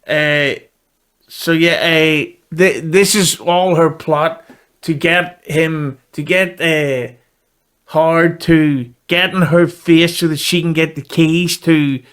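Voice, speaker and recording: A man's voice: on the high side, steady tone, takes it slowly, a bit bright, clear, resonant tone. A tired man speaking as a guest on a casual film-review podcast, blunt and laid-back, swearing freely.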